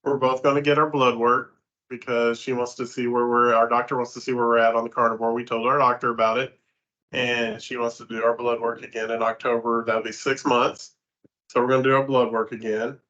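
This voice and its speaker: A middle-aged man chatting casually as a vlog host, relaxed and halting, with many fillers. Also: medium pitch. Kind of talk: casual chat. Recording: dull lo-fi sound.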